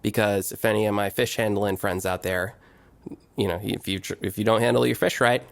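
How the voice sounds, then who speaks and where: A man's voice: lowish voice, fairly even intonation, a little fast, vocal fry. A man co-hosting a casual podcast, enthusiastic and jokey in his banter. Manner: enthusiastic, jokey, breaks into silly chants. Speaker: podcast co-host. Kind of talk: casual chat.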